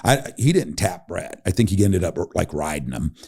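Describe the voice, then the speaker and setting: Animated man with a low, lively voice. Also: normal speed, creaky, husky. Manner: animated, laughing while telling a story, acting out quoted voices. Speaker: podcast guest. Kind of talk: casual storytelling.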